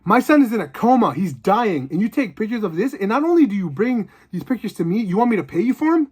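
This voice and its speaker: A man voicing a bossy, furious middle-aged newspaper editor who barks and shouts as he fires someone. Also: high-pitched, very animated, fast talker, husky, pitched above the performer's own voice, full character voice. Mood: outraged. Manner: barking, indignant, shouting.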